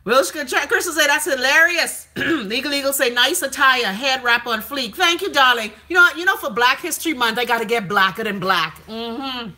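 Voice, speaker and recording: Brash high-voiced woman live-stream host. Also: normal speed, hardly any pauses, sharp tone. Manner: brash, profane and gossipy, with dramatic pitch jumps. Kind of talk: casual live-stream chat reading viewer comments.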